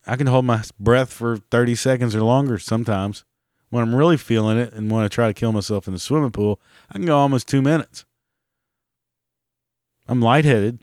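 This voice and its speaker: A man's voice: mid-range voice, fairly even intonation, normal speed, darkish tone, no room sound, clean studio sound. Sarcastic, cursing man in his forties. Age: 40s. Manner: sarcastic, profane, mocking. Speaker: podcast host. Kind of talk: casual ranting monologue.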